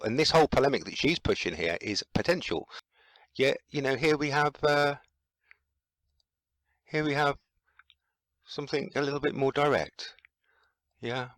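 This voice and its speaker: A man's voice: mid-range voice, normal speed, pauses often, fairly bright tone, no echo. A man giving casual, sarcastic commentary, chuckling as he picks apart the wording of a played interview. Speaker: commentator fact-checking an interview.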